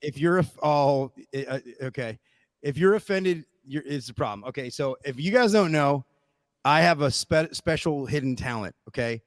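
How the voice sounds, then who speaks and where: A man on a casual podcast, rambling and animated as a guest storyteller, restarting his sentences and checking in with his listeners as he goes. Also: fairly high pitch, normal speed, dry recording, clean studio sound.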